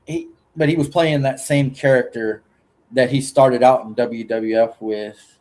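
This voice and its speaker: A man's voice: mid-range voice, moderate pace, darkish tone. Rambling, foul-mouthed man chatting. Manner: rambling, profane, laughs often. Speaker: podcast host. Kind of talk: casual chat.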